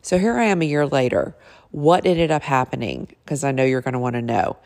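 A woman's voice: rumbling low, expressive, fairly quick, a little mellow, in a large hall. A middle-aged woman who works in real estate, telling a personal story in a chatty, earnest way and turning tearful as she speaks. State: teary, voice breaking.

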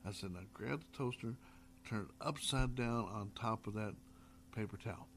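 Folksy man telling ghost stories. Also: lowish voice. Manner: folksy, drawn-out anecdotes with hesitations. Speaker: paranormal investigator guest. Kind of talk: casual storytelling.

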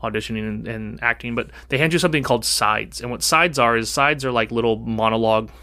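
Bright-voiced man telling a story. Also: mid-range voice, fast talker. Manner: rambling, animated, acts out quoted dialogue. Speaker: podcast co-host. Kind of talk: casual storytelling chat.

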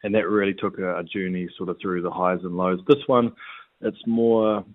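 In a laid-back interview, a male rugby player speaks in a low, steady tone at a moderate pace. The phone-line audio sounds tinny with no room sound, and he hesitates frequently, restarting and using lots of ums.

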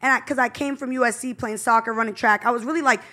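A woman in her thirties, a podcast guest, talking loud and animated and often over the others. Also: a little high, quick pace. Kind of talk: casual podcast chat.

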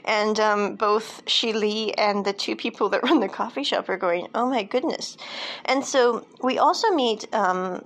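A woman's voice: medium pitch, gravelly. A woman casually recapping a film's plot, rambling with lots of fillers and side comments. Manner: rambling, chatty, many fillers and asides.

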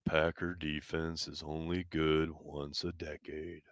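A man voicing a gloomy, defeated cartoon donkey in a slow, droning near-whisper. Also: a bass voice, little pitch movement, fairly bright tone, no room sound, studio quality, full character voice.

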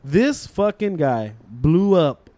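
Taking it slowly in a fairly high voice, a young man co-hosting a podcast recounts a school story in casual conversation. His storytelling is animated and full of swearing, and he performs the voices of the people in it.

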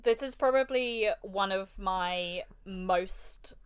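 A woman's voice: medium pitch, slow, a little hiss or hum. A woman co-hosting a podcast, telling stories with frequent giggles. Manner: giggly, animated storytelling. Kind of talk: casual podcast chat.

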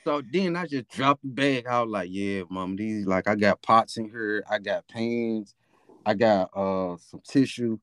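A man's voice: lowish voice, unhurried, fairly bright tone, dry recording, studio quality. A young man with a Memphis accent, casually telling a profane, rambling story as a podcast host. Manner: laid-back, profane, rambling with fillers.

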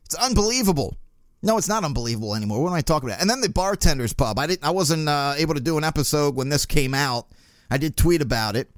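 A man's voice: fairly high pitch, no echo, clean studio sound. Sarcastic man ranting about sports. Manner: rambling, sarcastic, exasperated. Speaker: podcast host. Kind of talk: casual sports talk monologue.

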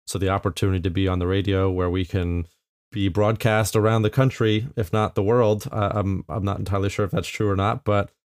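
A man co-hosting a podcast, speaking casually with dry, teasing, deadpan humor. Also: lowish voice, a little fast, dry recording. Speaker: podcast co-host.

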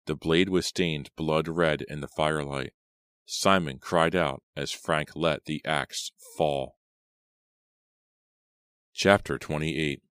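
A man narrating a horror audiobook in a steady, measured reading style. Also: a bass voice, smooth, no room sound, studio quality.

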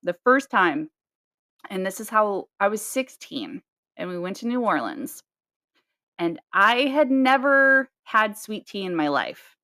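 A woman's voice: mid-range voice, big pitch swings, unhurried, pushed and bright, dry recording, studio quality. A woman co-hosting a podcast in casual chat, telling loose stories full of swearing, sighs and laughs. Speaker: podcast co-host.

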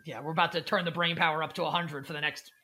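A man's voice: fairly high pitch, fairly even intonation, fast, crowd noise. A man co-hosting a sports betting show in casual studio banter, rambling and jokey, leaning hard on the filler "like".

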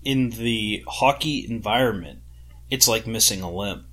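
A man in his thirties with a husky, bright-edged voice, speaking fairly low. He co-hosts a casual sports podcast and answers in short, level remarks. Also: measured pace. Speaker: podcast co-host.

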